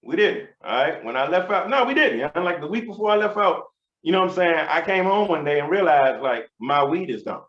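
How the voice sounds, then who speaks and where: A man in his thirties tells a stand-up story, swaggering and profane. His voice sits high and leaps all over the place. The sound is roomy and a little dull. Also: expressive, brisk, fairly bright tone. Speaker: stand-up comedian. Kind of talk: stand-up routine.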